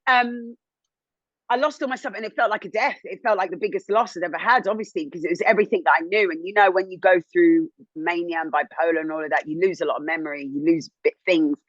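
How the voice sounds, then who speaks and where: A woman in her thirties, a TV presenter, telling her own story as an interview guest in a candid, animated way, rising high when indignant. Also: quick pace, dry recording, lo-fi sound. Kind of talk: emotional personal testimony.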